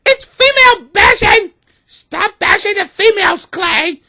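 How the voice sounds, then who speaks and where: A man putting on a shrill falsetto voice to mock an indignant, nagging woman in a comedic rant. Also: expressive, a little slow, vocal fry, sharp tone, no room sound, studio quality, heavily acted. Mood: whining. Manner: shrieking falsetto mockery. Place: basement.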